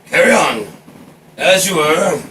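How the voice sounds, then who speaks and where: A man's voice: fairly high pitch, expressive, slow, slight background noise, pitched above the performer's own voice, full character voice. A man voicing a pompous, blustering old sea captain who bellows at his crew. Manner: loud, bellowing, theatrical.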